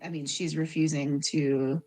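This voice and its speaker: A woman's voice: deep voice, little pitch movement, a little slow, dark tone. A woman playing a tabletop game, talking casually and animatedly about her character. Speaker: player. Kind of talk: tabletop role-play. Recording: faint music behind.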